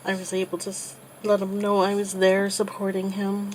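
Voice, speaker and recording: A woman in her thirties telling a personal story while crafting, soft and halting with many pauses, becoming tearful. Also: medium pitch, monotone, slight background noise, rough recording. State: tearful, getting emotional. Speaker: crafting channel host.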